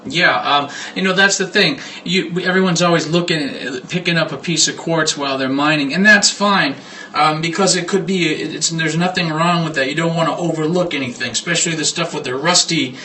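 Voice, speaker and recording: A man hosting a talk radio show in a bright, slightly raised voice. He talks loosely and chattily, with a joking edge. A faint hiss of noise sits under him. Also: fairly high pitch, brisk. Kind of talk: casual chat.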